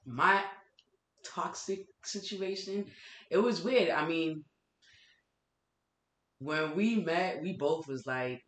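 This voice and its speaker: A man in casual podcast chat, calmly explaining his view. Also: on the high side, takes it slowly, long pauses. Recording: echoey room recording with faint hiss.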